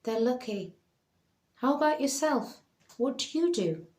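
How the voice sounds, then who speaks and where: A man's voice: extremely high pitch, animated, a little slow, a little mellow, voice pushed up. Woman reading as a weary, bitter young man. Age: young adult. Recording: roomy echo.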